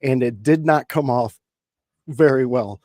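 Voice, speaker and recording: A man's voice: mid-range voice, a little slow, warm tone, dry recording, clean studio sound. A man co-hosting a casual livestream chat, talking thoughtfully and hesitantly with many fillers. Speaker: podcast co-host.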